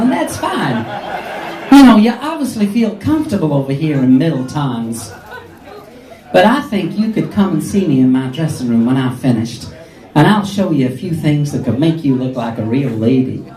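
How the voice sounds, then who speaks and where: A man's voice: a little high, close to an everyday voice. A man doing a catty drag queen hostess. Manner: sarcastic, teasing, mock-haughty. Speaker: drag comedy performer. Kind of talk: live stand-up crowd work. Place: pub or club function room, live audience. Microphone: camera filming from the audience, far off. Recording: echoey room, far from camera, loud crowd. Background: audience laughter and chatter.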